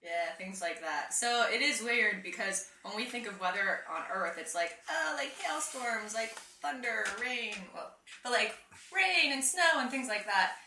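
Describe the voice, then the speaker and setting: A woman's voice: mid-range voice, lively intonation, bright, forceful tone, recorded from a distance. A woman guest, a comedian and science writer, chatting playfully and laughing on a podcast. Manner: playful, laughing, quick asides. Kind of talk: casual podcast chat. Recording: echoey room with faint noise.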